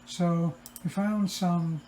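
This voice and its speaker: A man telling a travel story casually, explaining events step by step in a measured way. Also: high-pitched, steady tone, mellow, a little hiss or hum. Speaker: co-host. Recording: roomy echo.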